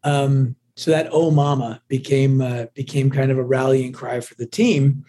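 A middle-aged man born in Scotland, a musician guest chatting casually and warmly in an interview, rambling and restarting his sentences as he talks. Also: mid-range voice, steady tone, normal speed. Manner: friendly, rambling with many restarts.

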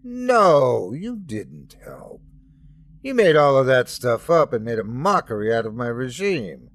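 A man's voice: mid-range voice, sing-song, a little slow, no room sound. A man voicing a jealous, domineering male God who rants and mocks. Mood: mocking. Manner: scornful, mocking rants.

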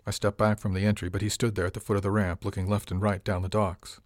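A man reading a first-person novel as an audiobook, measured and even. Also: lowish voice, no echo, studio quality. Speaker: audiobook narrator.

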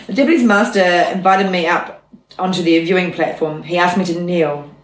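Woman reading a memoir out loud on a podcast, lowish voice, steady reading with chatty bits thrown in, echoey room. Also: fairly quick. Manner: steady reading voice broken by chatty laughing asides. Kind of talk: reading aloud with casual asides.

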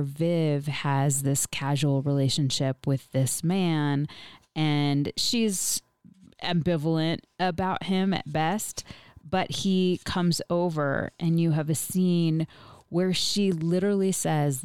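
Low-voiced woman interviewer, dry sound. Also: fairly even intonation, slow, a little mellow, clear, resonant tone, no room sound. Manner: thoughtful, conversational questions. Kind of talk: literary interview.

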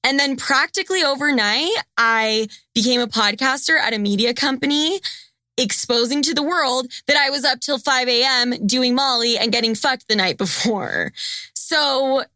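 A woman's voice: high voice, moderate pace, bright, forceful tone, no echo, clean studio sound. A young woman hosting a podcast, chatting in a blunt, profane and teasing way. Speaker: podcast host. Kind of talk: casual podcast chat.

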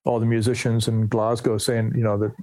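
A man's voice: on the low side, little pitch movement, brisk, a little mellow, no room sound. A man in his sixties, a musician guest telling stories in a rambling, self-deprecating way. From New Jersey, US. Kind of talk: casual storytelling interview.

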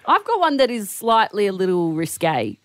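A woman co-hosting a morning radio show, her pitch leaping around as she chats and giggles. The sound is close and dry, straight into a studio mic. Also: moderate pace, no echo. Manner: chatty, laughs a lot, animated. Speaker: radio co-host. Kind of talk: breakfast radio banter.

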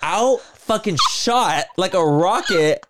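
A man co-hosting a casual chat, telling a story in an animated way, swearing freely and acting out his own reactions. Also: high voice, slow pace, noisy background. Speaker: podcast co-host.

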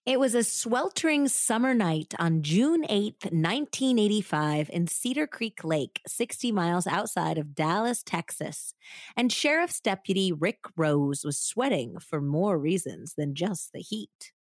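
A woman's voice: lowish voice, animated, measured pace, no room sound, studio quality. A woman co-hosting a true crime podcast, telling the story with dramatic flair and joking between segments. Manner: dramatic storytelling, playful banter.

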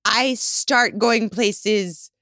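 A woman's voice: medium pitch, extremely slow, sharp tone, clean tone, no echo, clean studio sound. A woman co-hosting a casual podcast chat, candid and self-mocking, with casual swearing. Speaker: podcast co-host.

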